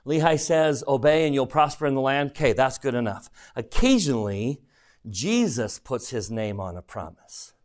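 A man teaching a classroom scripture lesson, emphatic and animated, asking the class questions and reading verses slowly and deliberately. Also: mid-range voice. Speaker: religion teacher.

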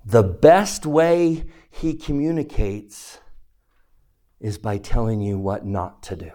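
A man teaching a devotional lesson to a class, speaking slowly and deliberately and sometimes dropping to a hushed near-whisper for emphasis. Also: mid-range voice. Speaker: religious teacher.

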